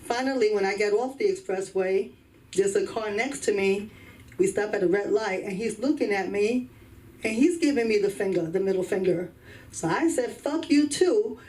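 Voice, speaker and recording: A woman's voice: medium pitch, moderate pace, a little mellow. Woman telling stand-up stories from afar. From New York. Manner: storytelling punchlines, laughing at her own jokes. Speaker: stand-up comedian. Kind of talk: stand-up set. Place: comedy club open mic. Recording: far from the mic, faint room noise.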